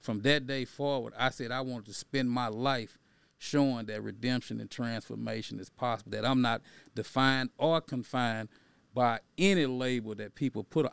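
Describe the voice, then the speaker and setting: A man's voice: mid-range voice, steady tone, normal speed, vocal fry, fairly bright tone, clear, resonant tone, dry recording. A middle-aged man, a guest and activist, telling a personal story in a conversational way, often tagging his sentences with "right?" and building to an emphatic, preaching tone. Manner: conversational, tags lines with "right?" and "you know". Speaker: podcast guest, activist and educator.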